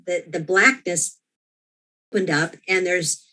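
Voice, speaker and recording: Speaking slowly in a fairly low, pushed and bright voice, a woman appears as an interview guest and earnestly recounts something she lived through. She restarts often and quotes her own inner thoughts.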